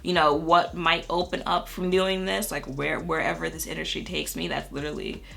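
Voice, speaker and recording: A woman's voice: low-pitched, steady tone, normal speed, creaky, a bit bright. A young woman telling a storytime on her beauty vlog, chatty and full of fillers. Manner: chatty, heavy on fillers like "you know" and "like". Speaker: beauty YouTuber.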